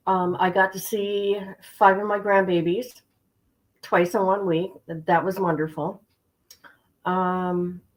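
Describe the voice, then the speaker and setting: A woman's voice: fairly low pitch, poor audio. Middle-aged lady on a livestream, chatty, keeps saying things twice, talks right to the viewers. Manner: chatty, talks straight to viewers, repeats for emphasis. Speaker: livestream host. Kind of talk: casual chat with stream viewers.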